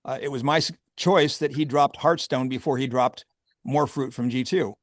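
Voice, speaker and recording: A man's voice: mid-range voice, moderate pace, dry recording, clean studio sound. A man who owns a vineyard, talking candidly and with wry humor in a casual interview, often laughing. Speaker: vineyard owner and grape grower.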